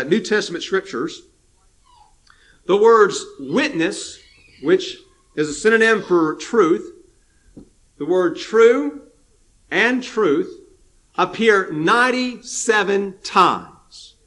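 A man's voice: sits high, pushed and bright. A man preaching a sermon, emphatic and repetitive, with frequent restarts.

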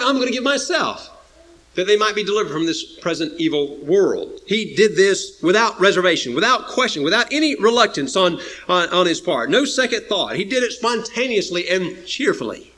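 A man's voice: lively intonation, a little fast, a bit bright. A man preaching a sermon, emphatic and repetitive, sometimes acting out quoted speakers in a raised voice. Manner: emphatic, repeats phrases, rises to high pitch for emphasis; acts out quoted speakers in a higher voice.

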